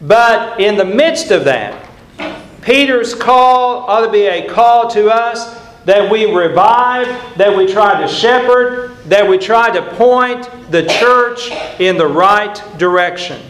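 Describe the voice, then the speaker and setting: A man's voice: high voice, expressive, slow, fairly bright tone, a little hiss or hum. Earnest older male preacher, echoey church. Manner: earnest, emphatic, repeats key phrases. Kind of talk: sermon. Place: church sanctuary.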